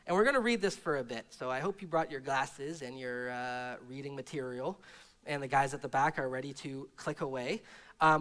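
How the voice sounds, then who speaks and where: A man's voice: high voice, a bit bright, smooth. A man preaching a sermon as pastor, talking conversationally and throwing in asides to the congregation.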